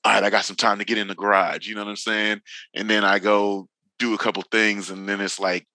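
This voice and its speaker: Bright-voiced man telling loose garage stories. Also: fairly low pitch, level tone, fairly quick, no echo, poor audio. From Northern California. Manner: loose slangy storytelling, swears freely, acts out quotes. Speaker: podcast guest, drifting veteran. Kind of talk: casual chat.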